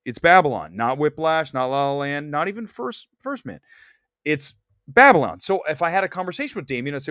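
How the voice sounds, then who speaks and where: A man's voice: on the high side, a little fast, no room sound. Blunt ranting male film critic. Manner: blunt, animated, ranting with laughs. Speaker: podcast host and film critic. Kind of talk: opinionated casual movie talk. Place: Los Angeles studio.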